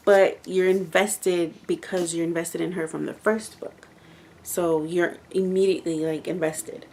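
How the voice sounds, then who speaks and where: Chatty and rambling, a female book reviewer fills her casual vlog with "like." Her voice is lowish and darkish, with vocal fry.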